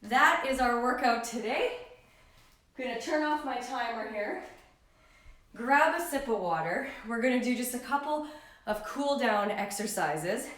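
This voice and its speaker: High-voiced woman coaching a home workout. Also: animated, a little slow, a bit bright, recorded from a distance. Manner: encouraging, cueing breath and form. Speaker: fitness trainer. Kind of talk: live home workout instruction. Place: living room at home. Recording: very echoey room, voice off-mic.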